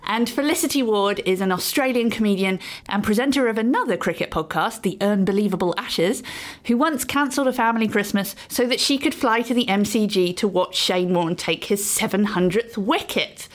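A woman's voice: mid-range voice, brisk. A woman hosting a cricket podcast, introducing guests and steering a friendly panel chat. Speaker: podcast host.

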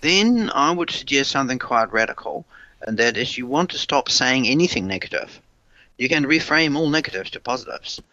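A man's voice: mid-range voice, expressive, normal speed, bright, forceful tone, lo-fi sound. A man giving parenting advice in an interview, often repeating words as he thinks and acting out what a parent could say. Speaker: parenting expert guest.

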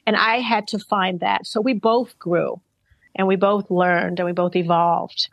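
A middle-aged woman answers interview questions in a thoughtful, earnest way, her words measured. Her voice sits at an ordinary pitch. It is recorded close and dry, with no room sound. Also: steady tone, dry recording, highs cut off. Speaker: interviewed singer. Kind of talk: reflective interview talk.

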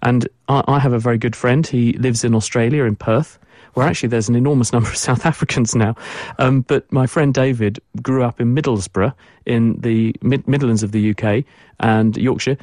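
A man's voice: mid-range voice, fairly even intonation, normal speed, a little mellow, no room sound, clean studio sound. A man, a science expert guest on a radio show, explaining fluently and repeating words for emphasis.

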